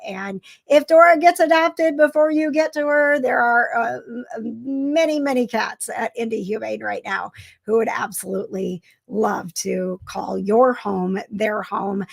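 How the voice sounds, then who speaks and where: A woman's voice: on the high side, vocal fry. A middle-aged woman hosting a casual live stream, emotional and gushing, with many uhs and restarts. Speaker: host.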